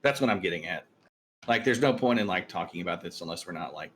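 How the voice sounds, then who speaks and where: Low-voiced man, rambling and reassuring. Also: expressive, fast, fairly bright tone, a little hiss or hum. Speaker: guild member. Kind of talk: casual voice chat.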